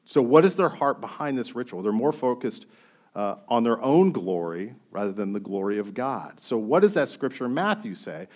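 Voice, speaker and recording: A man's voice: medium pitch, sing-song, moderate pace, a little mellow. A man preaching a sermon. He reads scripture aloud and puts questions to his listeners in a conversational way.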